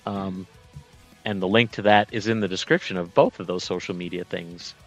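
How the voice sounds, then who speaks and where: Dry rambling lower-voiced man. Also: fairly even intonation, normal speed, soft background music. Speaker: co-host. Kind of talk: casual wrestling radio banter.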